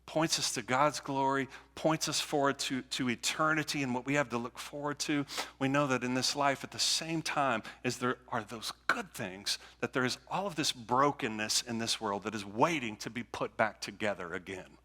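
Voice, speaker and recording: At a normal speed, a man with a medium-pitched, sharp voice delivers a conversational sermon as a pastor. In the church sanctuary's long reverb, he keeps repeating phrases and restarting while building points.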